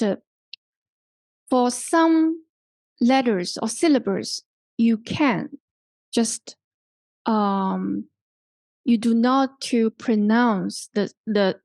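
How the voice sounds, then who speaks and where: A woman's voice: on the high side, a little mellow, no room sound. A woman with a Hong Kong accent teaching an online English pronunciation workshop, explaining step by step and often checking in with "okay?". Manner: explains slowly, repeats and rephrases, checks with "okay?". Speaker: workshop instructor.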